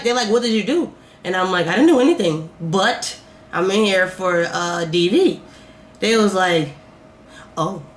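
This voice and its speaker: A young woman vlogger telling a casual storytime, animated and swearing as she acts out her own reactions. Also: mid-range voice. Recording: echoey room, faint noise.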